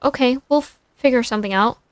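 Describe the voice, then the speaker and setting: A pragmatic woman adviser pressing her case, insistent and steady, as a woman reads her. The voice is high and dry, close to the mic. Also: fast, no echo, lightly acted. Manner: insistent, reassuring.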